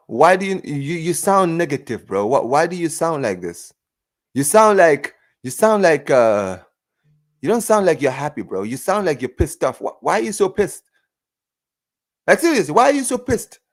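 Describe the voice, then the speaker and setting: Male reaction streamer, higher voice, sarcastic ranter. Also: normal speed. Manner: animated, ranting and sarcastic, repeats words and says "bro". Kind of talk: live fan reaction chat.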